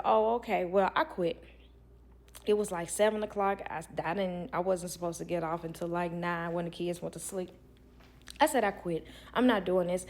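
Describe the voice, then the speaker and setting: A young woman who works as a nanny, telling a work story to viewers in a blunt, animated way. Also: medium pitch. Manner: blunt, animated, acts out others' lines.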